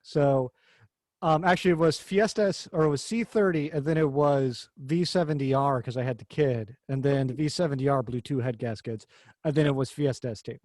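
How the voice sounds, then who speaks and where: Guy hosting a car podcast, rambly and jokey, cusses a bit, medium pitch, dry close sound. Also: fairly quick, a little mellow, dry recording. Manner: rambling, jokey, swears casually. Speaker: podcast host. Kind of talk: casual car chat.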